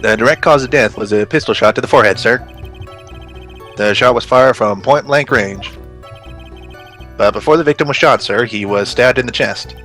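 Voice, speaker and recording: A man's voice: mid-range voice, moderate pace, pauses often, a bit bright, soft background music, close to an everyday voice. A man voicing an eager, bumbling male police detective who keeps saying sir while testifying in a game. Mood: earnest. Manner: deferential, adds sir often.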